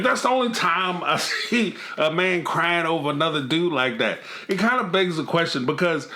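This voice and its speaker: Lively, bright-voiced male commentator. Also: on the high side. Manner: animated, slangy, mocking, laughs often. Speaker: reality TV commentator. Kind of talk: casual commentary vlog.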